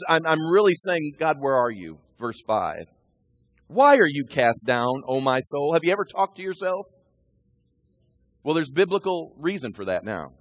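Man preaching, hushed then booming. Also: no echo. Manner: swings between hushed asides and loud emphatic scripture reading. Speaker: pastor. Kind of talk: sermon.

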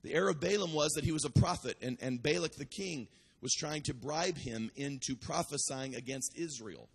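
A man preaching a sermon as pastor, building to shouted cries and repeating phrases with restarts. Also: a little high, moderate pace, gravelly, slightly rough, big-room sound.

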